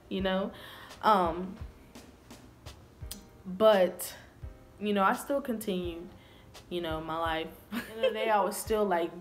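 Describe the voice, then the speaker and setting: A woman's voice: mid-range voice, expressive, slow, pauses often, soft background music. A young woman vlogger telling a personal story to camera in an earnest, confessional way.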